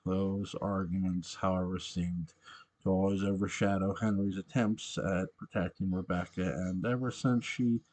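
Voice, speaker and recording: A man reading a story aloud, halting and often correcting himself mid-sentence. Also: low voice, darkish tone. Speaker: narrator.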